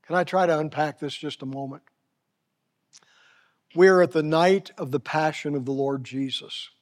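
Older male preacher in his seventies, high-pitched and dramatic, swings from near-whisper to raised voice in a reverberant sanctuary. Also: normal speed. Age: 70s. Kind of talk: sermon. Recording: long reverb of a large hall.

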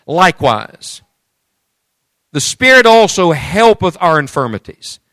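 Guy preaching, slightly high voice, goes big and loud then drops real quiet, dry close sound. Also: very animated, unhurried, dry recording. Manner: swings between loud emphatic declarations and hushed intimate storytelling; reads scripture aloud in King James wording. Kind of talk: sermon.

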